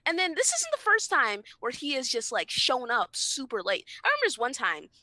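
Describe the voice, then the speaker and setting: A woman's voice: sits high, wildly swooping pitch, brisk, pushed and bright, no room sound. A woman co-hosting a casual podcast, ranting in an exasperated, profane way. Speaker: podcast co-host. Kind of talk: casual chat.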